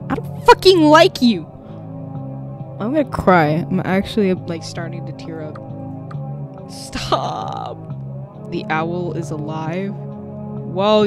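Jumpy, loud woman reacting to a game. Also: on the low side. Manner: loud, jumpy, swears and laughs at scares. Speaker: gaming channel host. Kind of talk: reactive let's-play commentary.

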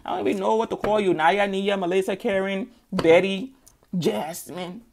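A woman giving a casual tarot reading in a sassy, animated way, often laughing. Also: mid-range voice, moderate pace, a little hiss or hum. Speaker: tarot reader.

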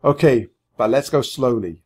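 A man voicing a brave, cheerful young girl in an audiobook reading, speaking quickly and earnestly. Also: medium pitch, a little mellow, husky, close to an everyday voice. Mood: eager.

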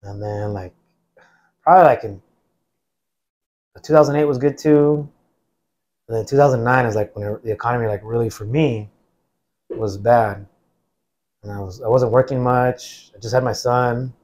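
A man's voice: medium pitch, normal speed, long pauses. A man in his forties from the United States, a military veteran guest telling his story casually, with many "like" fillers. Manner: relaxed and rambling, many "like" fillers, acts out others' quotes.

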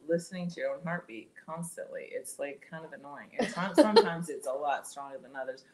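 A woman's voice: low voice, brisk, crowd noise, rough recording. A middle-aged woman, a podcast guest, candidly telling a personal story and laughing through the hard parts.

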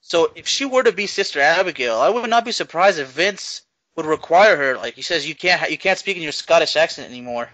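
A man's voice: fairly high pitch, animated, a little fast, pushed and bright, no room sound, low-quality recording. A man co-hosting a podcast, chatting casually and thinking aloud with restarts. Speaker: podcast co-host.

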